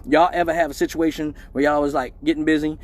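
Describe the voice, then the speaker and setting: A man's voice: fairly high pitch, quick pace. A middle-aged man, hosting a live stream and telling a profane story in a casual way, acting out the voices in it. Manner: animated, profane, acts out voices in his story. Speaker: live show host.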